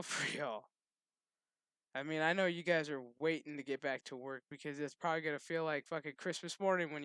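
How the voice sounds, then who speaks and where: A man with a high, bright voice rants at length, loose and profane, chuckling between thoughts. His voice comes through smooth and clear on a dry, close recording. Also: no echo. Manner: loose, swearing, laughing. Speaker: channel host. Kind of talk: casual rant to camera.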